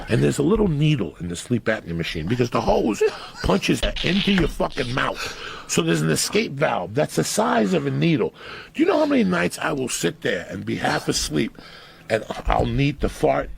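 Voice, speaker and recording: A gravelly man in his fifties from Cuba spins crude, profane stories at a podcast table. His voice sits at a middling pitch, and the recording carries a faint hiss under it. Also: normal speed. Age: 50s. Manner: profane, animated storyteller. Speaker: comedian guest. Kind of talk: storytelling on a podcast.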